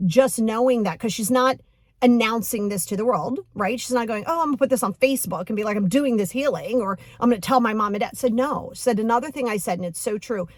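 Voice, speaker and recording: A woman's voice: a little high, quick pace. A woman hosting a podcast as a coach, talking casually and animatedly, laughing often as she retells what a client told her.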